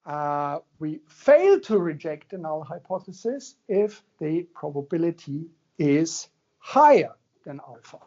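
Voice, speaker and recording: Male lecturer, unhurried and animated, mellow husky tone, dull lo-fi recording. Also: on the high side. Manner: conversational, jokey, checks in with the audience. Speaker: university lecturer. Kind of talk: classroom lecture.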